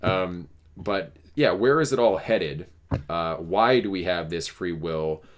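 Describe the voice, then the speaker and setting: A man's voice: low voice, slow, a little hiss or hum. A man hosting a casual philosophical discussion, explaining ideas in a thoughtful, searching way with frequent restarts. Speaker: podcast host.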